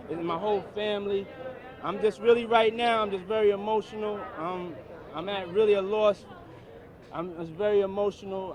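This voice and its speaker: A man giving an emotional, halting statement to reporters outside on a city street, repeating himself. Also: high voice. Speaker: defendant speaking to press. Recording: crowded street news footage. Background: crowd of reporters.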